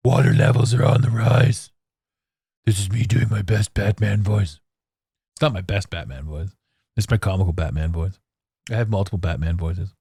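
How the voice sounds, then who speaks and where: A man doing a comical gravelly Batman voice, a gruff caped crusader in a dry, close recording. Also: normal speed, long pauses, warm tone, no room sound, exaggerated voice. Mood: mock-gruff. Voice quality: deep gravelly put-on growl. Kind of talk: comedic impression in a podcast monologue.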